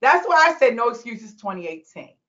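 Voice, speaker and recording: A woman's voice: on the high side, big pitch swings, fairly quick, bright, forceful tone, dull audio. A woman coaching recruitment business owners, talking passionately and emotionally on a recorded call. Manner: passionate, preachy, laughs and tears up. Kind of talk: emotional motivational call replay.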